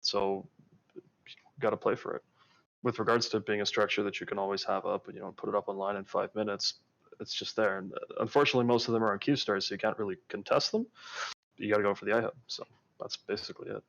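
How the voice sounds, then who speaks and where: A man in a casual panel discussion, relaxed and quick to laugh. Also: fairly low pitch, creaky, muffled recording. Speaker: panel guest.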